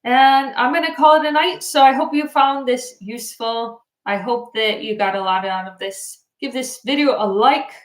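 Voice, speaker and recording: A woman's voice: on the high side, normal speed, hardly any pauses, echoey room. A tired woman hosting a casual livestream, chatting and reading out viewer comments. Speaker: livestream host. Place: home in Japan.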